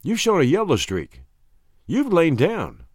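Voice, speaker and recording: A man's voice: a little slow, no echo, clean studio sound. A man narrating a first-person novel as an audiobook, telling the story expressively. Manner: expressive storytelling with wide pitch swings.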